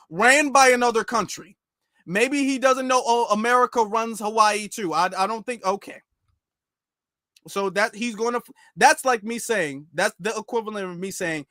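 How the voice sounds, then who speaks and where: A man's voice: sits high, bright, forceful tone, dry recording, studio quality. A man hosting a livestreamed reaction commentary show, sarcastic and repeating his rhetorical questions.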